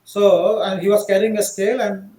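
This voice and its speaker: A man giving a devotional talk as a monk, telling stories in a halting way with many fillers and restarts and acting out the quoted dialogue. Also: high voice, fairly even intonation, mellow, reverberant, low-quality recording.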